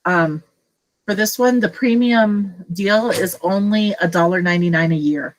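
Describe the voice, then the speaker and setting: Chatty woman teacher, lowish voice. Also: unhurried, rough recording. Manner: casual, chatty, thinking aloud with fillers. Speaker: teacher leading a tech training session. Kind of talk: screen-share tutorial for colleagues.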